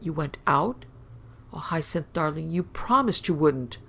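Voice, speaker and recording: A woman voicing an anxious, proper mother who fusses and gently scolds in a storybook reading. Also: low voice, moderate pace, gravelly, highs cut off, slight background noise. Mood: worried.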